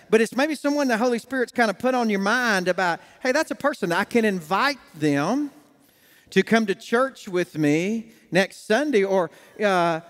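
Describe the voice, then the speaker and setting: Male pastor, high voice, folksy sermon storyteller, big reverberant sanctuary. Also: fairly bright tone. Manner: folksy storytelling, acts out quoted dialogue. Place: church sanctuary. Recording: long church hall reverb.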